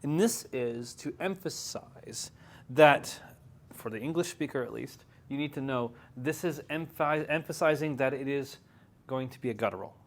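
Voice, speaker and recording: A man's voice: medium pitch, moderate pace. Male teacher, casual and jokey, mid-range voice, classroom lesson. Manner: joking, chatty, laughs often. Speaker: Hebrew teacher.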